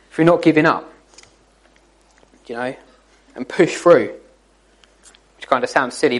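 A man's voice: fairly high pitch, low-quality recording. A man giving an informal, jokey church talk to young people, teasing his listeners as he goes. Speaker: youth speaker.

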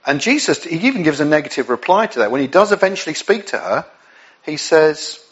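A man's voice: a little high, big pitch swings, a little fast, muffled recording. An English man preaching a sermon in a conversational way, with frequent restarts and asides. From England.

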